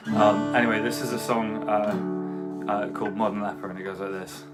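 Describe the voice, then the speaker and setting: A man's voice: lowish voice, fairly even intonation, brisk. Hesitant man chatting on a livestream. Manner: hesitant, full of ums and restarts. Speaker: musician playing a livestream gig. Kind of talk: casual chat between songs. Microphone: computer livestream. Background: guitar.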